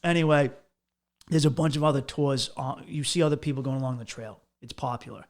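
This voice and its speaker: With a medium-pitched, steady voice and a slightly fast delivery, a young podcast host from the United States tells a long, meandering travel tale. He swears freely, keeps it loose, and often starts sentences over.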